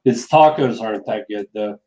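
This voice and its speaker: A man's voice: lowish voice, moderate pace, warm tone, low-quality recording. A man in casual stream chat, speaking bluntly and opinionated.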